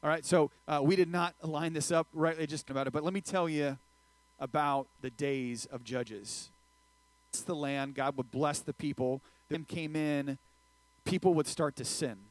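A youth pastor with a slightly high voice delivers a loose, casual sermon full of energy, joking and speaking directly to his young audience. The recording is dry, with little room echo.

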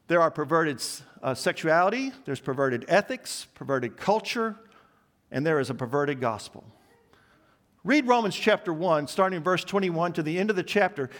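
A man's voice: a little high, fairly bright tone. A man preaching a sermon, emphatic and building long repeated lists.

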